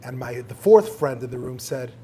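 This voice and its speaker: A man's voice: mid-range voice, animated, moderate pace, warm tone, a little hiss or hum. A man, a rabbi, interviewing a guest in front of an audience in a synagogue, telling stories with energy and quoting prayers in Hebrew. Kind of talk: live conversation before an audience.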